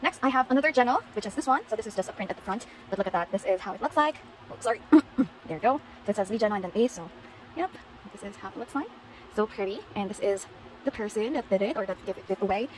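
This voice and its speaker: A woman's voice: medium pitch, expressive, fast, a little hiss or hum, poor audio. A woman showing off her concert haul in a casual vlog, gushing and repeating herself. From Philippines. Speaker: vlogger.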